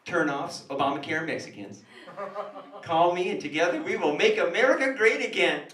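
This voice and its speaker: A woman's voice: on the low side, animated, normal speed, noisy background, natural voice. A man voicing a brash, crude rural woman reading her dating profile, in an echoey club recording from a distance.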